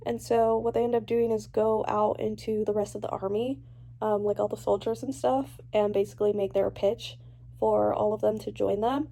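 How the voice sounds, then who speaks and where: A young woman vlogging about a book she is reading, chatty and animated as she swings between gushing and ranting. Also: mid-range voice, moderate pace, vocal fry. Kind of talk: casual reading reaction vlog.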